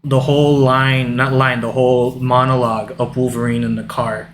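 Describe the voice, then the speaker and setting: A man co-hosting a podcast in a casual, unhurried chat. He walks through favorite movie lines with halting starts and lots of filler words, his voice at an ordinary middle pitch. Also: flat delivery, slight background noise. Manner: recounts film lines in a halting way, with many "like"s. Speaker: podcast co-host. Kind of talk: casual film discussion.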